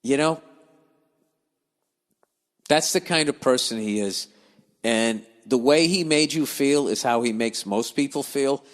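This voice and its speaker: Recorded in what sounds like a large hall, a man with a mid-range voice hosts a podcast a little slowly, pausing often. He reads listener letters and veers into grumbling, swear-filled comic rants and tangents.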